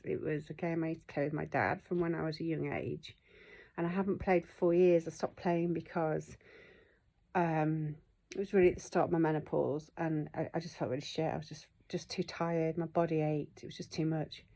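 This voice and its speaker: A woman's voice: low voice, steady tone, moderate pace, creaky, warm tone. A middle-aged woman, telling a personal story in a candid, emotional vlog and swearing freely. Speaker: vlogger.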